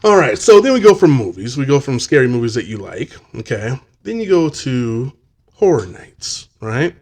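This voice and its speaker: A man's voice: mid-range voice, big pitch swings, normal speed, darkish tone. A man in his thirties hosting a podcast, telling swear-filled stories in casual chat and acting out quoted voices. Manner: profane, storytelling, acts out voices. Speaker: podcast host.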